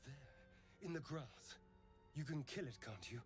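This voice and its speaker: A man's voice: medium pitch, expressive, a little slow, husky, no room sound, soft background music. A man voicing a frightened young boy in a video game who urgently pleads for a hero's help.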